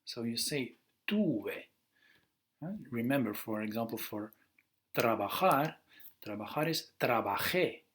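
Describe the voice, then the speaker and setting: A male language teacher who talks slowly and patiently in a mid-range voice. He stops often to correct himself and says "uh" and "huh?" a lot as he walks through verb forms. His delivery is that of a relaxed recorded class lesson. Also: medium pitch. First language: Dutch. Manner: explains patiently, slow pace with many fillers and self-corrections.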